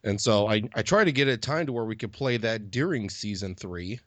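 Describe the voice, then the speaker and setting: Male podcast host, lowish voice, halting delivery full of ums, dry close mic. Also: expressive, no room sound. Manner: hesitant, many ums and uhs. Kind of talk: casual chat.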